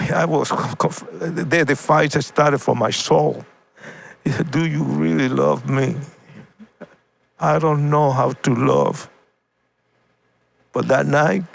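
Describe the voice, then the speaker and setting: A man, an evangelist guest, telling his personal testimony haltingly, repeating and restarting words with deep feeling. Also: gravelly.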